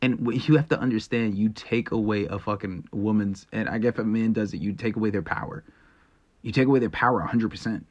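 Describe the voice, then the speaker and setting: Hosting a solo podcast, a man lectures his listeners in a blunt, profane, casual monologue. His voice sits on the low side, he talks fast, and the audio sounds dull.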